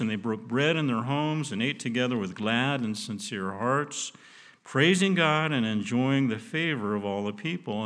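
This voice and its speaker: A man's voice: medium pitch, fairly bright tone. A middle-aged man preaching a sermon in an earnest, folksy way, often restarting his phrases. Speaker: pastor.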